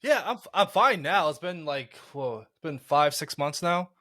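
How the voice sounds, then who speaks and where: A man's voice: fairly high pitch, animated, moderate pace, bright, forceful tone. Man telling a story with stammering restarts. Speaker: podcast co-host. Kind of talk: casual storytelling.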